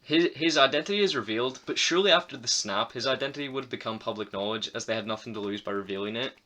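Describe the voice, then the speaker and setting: A man's voice: mid-range voice, fast talker, sharp tone. A teenage boy co-hosting a casual film review podcast, chatty, often restarting his words and swearing offhand. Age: teens. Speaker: podcast co-host.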